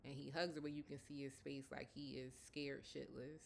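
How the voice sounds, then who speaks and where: Reviewing a TV episode, a chatty woman speaks a little fast in a bass, gravelly voice with a level tone. She laughs often and fills her talk with "like" and "you know."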